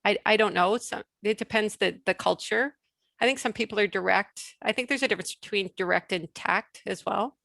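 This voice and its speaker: Woman, gravelly voice, animated casual talk, video call, dry sound. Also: mid-range voice, no echo. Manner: animated, quick restarts, laughs between points. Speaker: guest speaker on leadership. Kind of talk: casual conversational webinar talk.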